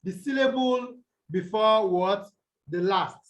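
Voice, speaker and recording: Over a low-quality video call, a high-pitched Nigerian man teaches English stress rules at a slow pace. As the tutor, he poses questions to the class and checks in often with "okay?" and "the what?"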